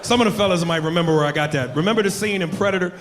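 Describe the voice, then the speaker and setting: A man performing a live stand-up comedy routine, loud and animated, shouting his punchlines and slipping into silly voices. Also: on the high side, rapid-fire, a faint crowd. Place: comedy club stage. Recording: roomy live venue with audience noise. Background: audience laughter.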